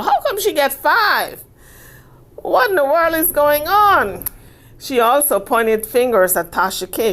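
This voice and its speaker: Female host, slightly higher register, sassy and chatty, casual gossip commentary. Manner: sassy, chatty, tosses in "okay?" asides.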